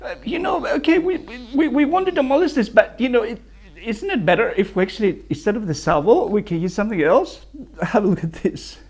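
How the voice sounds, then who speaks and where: A man with a notably high voice talks in a loose, chatty way from a building site. He keeps laughing at his own jokes as he rambles on like a licensed builder sharing tips. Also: lively intonation, a little fast, darkish tone, slight background noise. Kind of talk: casual chat reacting to clips.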